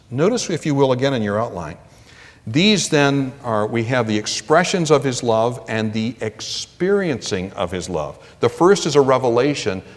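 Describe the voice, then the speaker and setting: A pastor in the middle of a sermon, his voice carrying through the long reverb of a church sanctuary. He is emphatic and swings between plain talk and loud, lifted readings of scripture. His voice sits at an ordinary pitch. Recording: long reverb of a large hall.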